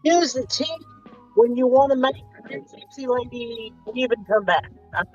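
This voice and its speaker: A man's voice: very high voice, moderate pace, soft background music. A man from the United States, a podcast guest, chatting casually and rambling with many ums and restarts over an online voice call. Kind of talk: casual chat. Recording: dull lo-fi voice call audio.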